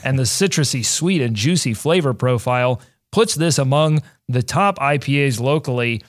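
A man's voice: mid-range voice, expressive, moderate pace, no echo, studio quality. A man co-hosting a sports podcast, playful and bantering, who says he is hungover. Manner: playful, banters and laughs easily. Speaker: podcast co-host. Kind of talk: casual sports podcast chat.

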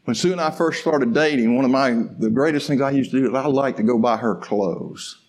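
A male pastor with a mid-range voice preaches a sermon in a folksy, conversational style, stumbling into restarts. He swings between soft, slow musing and loud, fervent exhortation.

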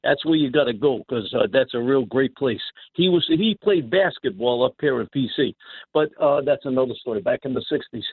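A man's voice: mid-range voice, brisk, husky, dry recording. A man calling in to a radio show, emphatic and repetitive with stumbling restarts. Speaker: caller. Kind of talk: phone-in call. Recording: tinny phone line.

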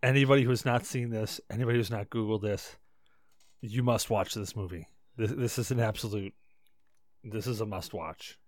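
A man co-hosting a podcast, a bit drunk, loud and excitable, repeating himself. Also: fairly low pitch, normal speed, no echo, clean studio sound. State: tipsy. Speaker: podcast co-host. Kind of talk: casual chat.

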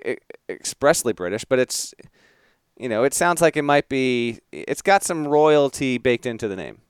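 A man co-hosting a sports podcast in a playful, teasing way, quizzing his partner with quick laughs. His voice is smooth and resonant, a touch high, and it moves around a lot. The sound is close and dry. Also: animated, no echo. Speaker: podcast co-host. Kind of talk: casual sports podcast banter.

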